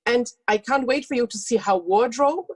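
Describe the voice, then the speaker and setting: A woman's voice: on the high side, normal speed, darkish tone, husky. A woman hosting a streamed cabaret, introducing the next act in a playful, teasing, flirtatious manner. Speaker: host.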